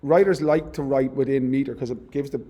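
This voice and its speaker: A man teaching a literature lesson, explaining in a conversational way with fillers and self-corrections, and reading poem lines slowly and deliberately. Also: mid-range voice, steady tone, mellow.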